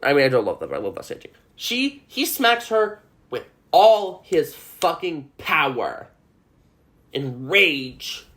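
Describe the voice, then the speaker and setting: A woman's voice: deep voice, slow. A woman hosting a podcast, rambling through an emotional, swear-filled recap. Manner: animated, emotional, swears a lot. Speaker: podcast host.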